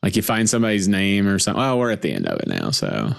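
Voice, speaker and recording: Animated man hosting a watch-along. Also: vocal fry. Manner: animated, jokey, quick pitch jumps. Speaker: podcast host. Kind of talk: casual movie watch-along chat.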